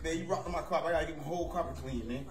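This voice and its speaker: A man doing a brash, foul-mouthed football fan in a comedy skit. His voice is high and carries over a murmuring crowd in an echoey room. He talks in Southern slang and never lets up. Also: very fast, natural voice. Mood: fed up. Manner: loud, swearing, Southern slang. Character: fed-up male football fan throwing a friend out. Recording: roomy sound with crowd noise.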